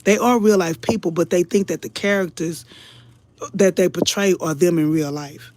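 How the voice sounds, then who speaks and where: A woman's voice: fairly low pitch, normal speed, a little mellow, dry recording. Earnest emotional woman commentator. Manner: earnest, preachy, keeps addressing the audience as y'all. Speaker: online commentator. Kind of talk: casual livestream commentary.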